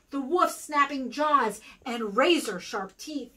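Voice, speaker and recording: Slow, bright-voiced American woman storyteller. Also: high-pitched, far from the mic, rough recording. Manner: expressive, sing-song storytelling. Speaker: guest reader for kindergarten. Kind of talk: reading a rhyming picture book aloud.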